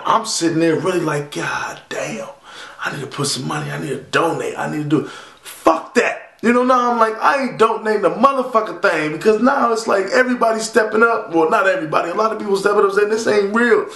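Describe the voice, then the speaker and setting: Fired-up man ranting in an echoey room. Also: a little high. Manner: animated, swearing, rambling. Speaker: vlogger. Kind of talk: profane rant to camera.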